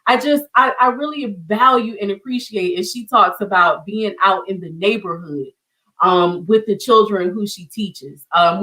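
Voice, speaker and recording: A woman's voice: mid-range voice, pushed and bright, low-quality recording. A woman hosting an online community show, speaking with heartfelt emotion and often repeating her words. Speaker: host. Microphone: video call.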